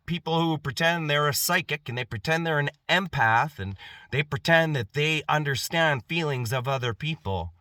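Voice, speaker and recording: Forceful middle-aged man, lecturing. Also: a little high, no room sound, studio quality. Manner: emphatic, repetitive, rhetorical questions. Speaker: vlogger. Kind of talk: personal monologue to camera.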